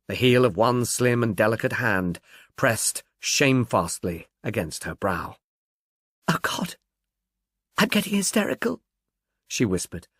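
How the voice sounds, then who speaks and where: A man narrates a detective novel in a measured, expressive way, his medium-pitched voice rising and falling freely. The recording is dry and close, with no room sound. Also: no echo.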